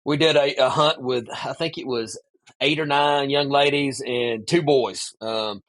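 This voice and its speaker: Animated man telling a story. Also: mid-range voice, unhurried. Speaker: guest. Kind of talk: casual storytelling interview.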